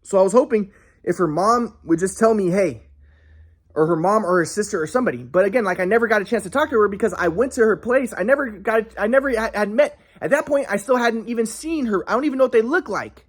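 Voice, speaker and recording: A young man with a high, lively voice tells a personal story fast and agitatedly. He rambles, swears often, and keeps restarting his sentences.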